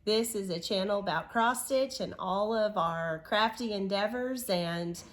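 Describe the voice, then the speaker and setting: A woman's voice: mid-range voice, measured pace. Woman co-host with a slightly wheezy voice. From United States. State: recovering from illness, wheezy. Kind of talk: casual chat.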